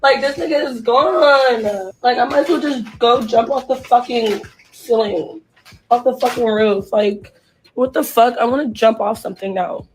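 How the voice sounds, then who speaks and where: A young woman performer, crying and hoarse, ranting profanely and in distress straight at her livestream viewers. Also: on the high side, moderate pace, darkish tone, slight background noise, poor audio. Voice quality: husky. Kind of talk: emotional livestream rant.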